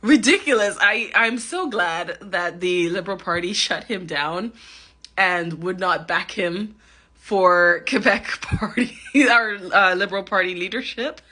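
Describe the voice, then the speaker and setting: A bright, clear-toned woman from Canada talks casually into her phone camera, laughing often and hedging with ums as she comments. Her voice sits a little low for a woman. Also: a little slow. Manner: chatty, giggly, hedging with many ums. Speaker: vlogger reacting to a clip.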